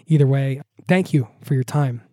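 Podcast host, under the weather, scratchy, dark and dry. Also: male voice, mid-range voice, fairly even intonation, moderate pace, no room sound. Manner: warm, upbeat, encouraging. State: sick, scratchy voice. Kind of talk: reading listener mail and signing off.

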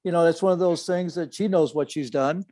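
An older man co-hosting a casual chat, talking in halting bursts full of restarts and fillers, reminiscing with his son. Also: a little high, dark tone, dry recording, studio quality. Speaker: podcast co-host, father of the other host.

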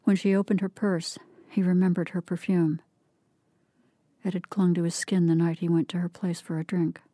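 A woman reading a literary short story aloud in a measured, even narration. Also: fairly low pitch, dry recording, clean studio sound. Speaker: reader.

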